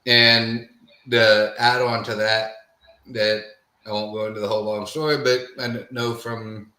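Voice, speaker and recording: An easygoing man tells meandering stories with a bright, sharp edge to his voice. The room adds a noticeable echo. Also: lowish voice. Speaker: podcast co-host. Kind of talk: casual storytelling chat. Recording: roomy echo.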